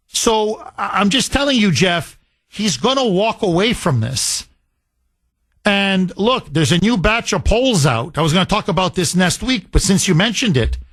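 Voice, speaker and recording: A man's voice: sits high, a bit bright. A man hosting a talk radio show, delivering an emphatic monologue and repeating points for force.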